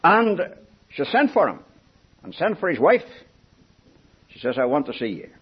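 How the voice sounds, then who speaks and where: Husky older preacher, earnest and pleading. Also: male voice, sing-song, moderate pace. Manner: earnest, pleading, rises and falls in pitch and loudness. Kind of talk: sermon. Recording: dull lo-fi recording.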